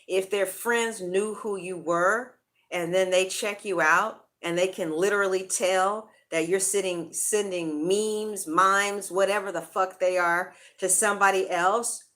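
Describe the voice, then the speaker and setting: A woman's voice: mid-range voice, a bit bright. A woman giving a casual tarot reading in a blunt, profane way of talking. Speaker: tarot reader.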